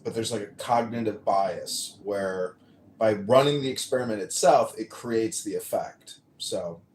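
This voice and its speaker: A man's voice: lowish voice, a little slow, darkish tone, reverberant, slight background noise. A man in an online audio room, philosophizing, searching for words, stumbling and restarting. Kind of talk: casual chat.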